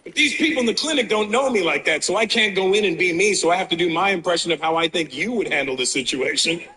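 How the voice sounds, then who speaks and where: A man's voice: sits high, quick pace, pushed and bright, rough recording. A man doing a stand-up comedy set in front of a live audience, telling a brash, profane story full of acted-out dialogue.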